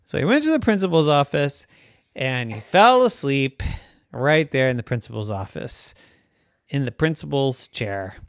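A man telling an improvised bedtime story in a playful, animated way. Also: mid-range voice, unhurried, no room sound.

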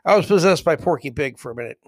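A man's voice: fairly high pitch, lively intonation, fast talker. A middle-aged man hosting his own podcast, talking bluntly and heatedly in a rambling, opinionated monologue full of stories. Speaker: podcast host.

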